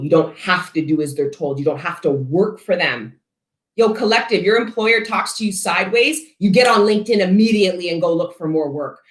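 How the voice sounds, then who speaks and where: A woman giving a collective tarot reading, talking bluntly and profanely with rambling asides. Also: fairly low pitch. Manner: rambling, self-interrupting asides. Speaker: tarot reader. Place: her studio. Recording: echoey room.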